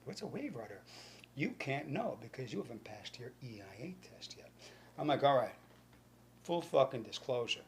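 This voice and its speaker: A man from New York with a New York accent, telling a rambling, profane stand-up story and acting out the voices with sudden whispers and shouts. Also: medium pitch, gravelly, a little hiss or hum. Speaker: stand-up comedian.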